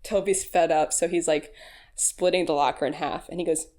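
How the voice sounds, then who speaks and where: A woman's voice: low-pitched, steady tone, moderate pace, darkish tone. A woman hosting a casual recap voice-over, chatty and frank, laughing often and using lots of fillers. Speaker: YouTube recap host.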